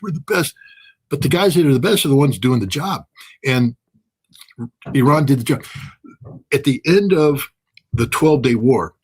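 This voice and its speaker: Husky, blunt-talking male analyst. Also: a little high. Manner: blunt, sarcastic, jokey. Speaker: guest analyst. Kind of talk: animated interview commentary.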